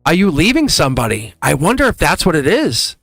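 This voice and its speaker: A man hosting a live tarot reading, talking in a chatty, excited way, laughing often and acting out voices as he reads the cards. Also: fairly high pitch, fairly quick, no room sound, faint music behind.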